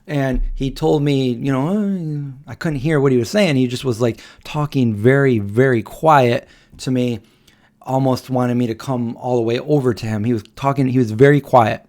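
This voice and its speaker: A man in his forties hosts a casual late-night live stream, telling a story at an unhurried, halting pace. He circles back, restarts phrases and fills pauses with ums, in a plain mid-range voice. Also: mid-range voice, steady tone, a little mellow. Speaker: livestream host.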